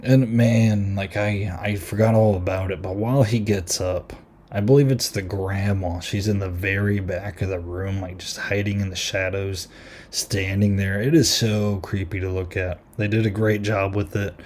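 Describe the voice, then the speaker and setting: Chatty low-voiced man recapping a movie. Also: fairly even intonation, normal speed, a little mellow, slight background noise. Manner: chatty, lots of "like" and "um". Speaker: podcast host. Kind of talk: casual movie review recap.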